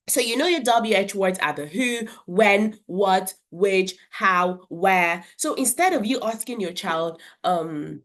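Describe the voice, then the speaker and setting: A woman's voice: mid-range voice, animated, measured pace, few pauses. A woman educator, giving earnest instructional advice to parents about reading and talking with their children. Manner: earnest, explanatory, with brief demonstrations of character voices.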